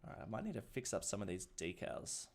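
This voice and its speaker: A man's voice: lowish voice, sing-song, quick pace, gravelly. Chatty Australian man streaming. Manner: chatty, laughing, many restarts. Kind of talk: casual livestream chat.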